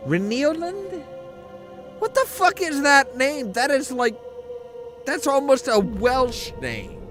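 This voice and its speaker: A man's voice: extremely high pitch, sing-song, takes it slowly, fairly bright tone, soft background music. A man commentating a video game, rambling and swearing as he jokes about the story. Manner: rambling, profane, joking. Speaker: let's play commentator. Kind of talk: gaming commentary.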